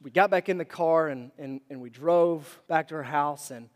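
A male pastor in his thirties preaching a sermon, telling a personal story in a conversational, animated way with asides to the congregation. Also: on the high side, normal speed. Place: church hall. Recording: long hall reverb.

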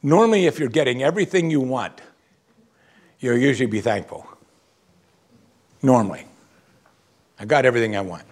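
A man preaching a sermon, swinging from quiet low asides to loud emphatic exclamations. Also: lively intonation, normal speed, long pauses. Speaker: pastor.

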